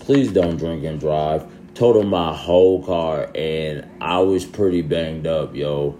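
A young man talking casually to his followers in a loose, slangy way that sometimes climbs into loud, exasperated ranting. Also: a bass voice, unhurried, a little hiss or hum. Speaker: social media creator. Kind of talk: casual vlog monologue.

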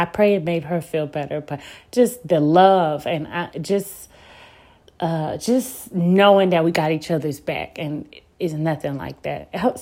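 A woman's voice: medium pitch, a little mellow. A young woman hosting a podcast, talking casually about faith and her week, chatty and often laughing. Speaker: podcast host.

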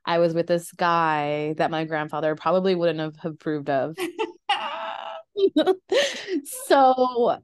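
A woman's voice: deep voice, level tone, normal speed, hardly any pauses, clear, resonant tone, dry recording, studio quality. A young woman hosting a casual podcast conversation, rambling with fillers and nervous laughs. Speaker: podcast host. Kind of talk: casual conversation about grief.

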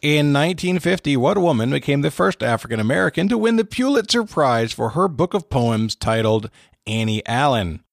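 A man hosting a relaxed trivia game, his voice sitting a little high and swinging widely in pitch as he reads questions and ribs the contestants. The sound is close and dry, with no room in it. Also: normal speed, creaky, no echo. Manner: playful, teasing, reads questions aloud. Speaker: trivia quiz host.

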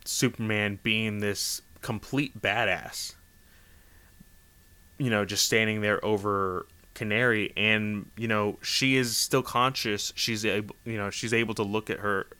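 A man walks through a story in a loose, rambling way, filling gaps with casual fillers. His voice sits a little low and has a bright, forceful tone. He takes his time. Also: unhurried, clear, resonant tone. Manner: rambling, animated, lots of "like" and "you know". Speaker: comic book recap host.

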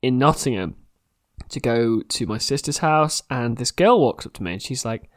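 Animated young man telling stories. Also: medium pitch, normal speed, dry recording, studio quality. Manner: animated storytelling, laughs often. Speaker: podcast co-host. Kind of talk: casual chat.

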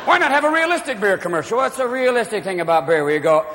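A man doing a stand-up comedy routine, manic and loud, jumping between shouted voices. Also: high-pitched, animated. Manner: manic, shouting, quick voice switches. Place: comedy stage before a live audience. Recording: live hall recording with crowd noise.

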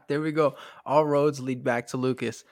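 A man's voice: medium pitch, fairly even intonation, unhurried, no room sound, studio quality. A man hosting a podcast, asking questions casually and laughing along with his guest. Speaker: podcast host. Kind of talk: casual interview.

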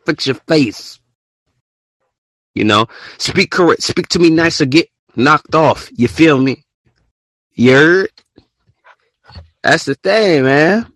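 A man hosting a live audio show, ranting in casual slang and often jumping into high, mocking quotes. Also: animated, slow, pauses often, fairly bright tone. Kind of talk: casual rant to listeners.

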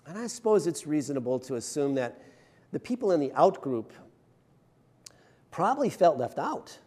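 A man's voice: on the high side, very animated, normal speed, dark tone. A male pastor preaching a conversational sermon, chatty and self-deprecating, often checking in with the congregation. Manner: chatty, self-deprecating humor, frequent "right?" tags.

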